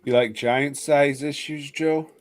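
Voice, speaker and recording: A man's voice: fairly high pitch, steady tone. A man co-hosting a podcast in casual chat, joking wryly and drawing out his words. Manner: wry, drawn-out joking. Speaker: podcast co-host.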